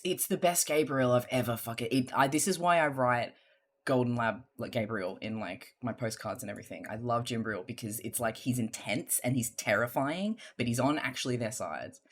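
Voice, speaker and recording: A streamer chatting casually and reading fanfiction, gushing and excitable, with frequent swearing. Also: mid-range voice, moderate pace.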